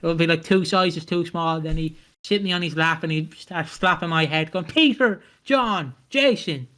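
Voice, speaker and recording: A young man co-hosting a podcast in casual chat, swearing freely and making dark jokes. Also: fairly high pitch, level tone, a little fast, smooth. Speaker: podcast co-host.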